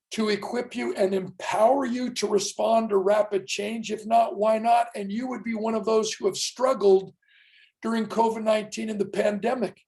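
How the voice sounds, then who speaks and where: A man's voice: high-pitched, gravelly, a little mellow, poor audio. A man in his sixties, a professional speaker, giving a motivational keynote with dramatic storytelling and punchy, emphatic lines. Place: event stage.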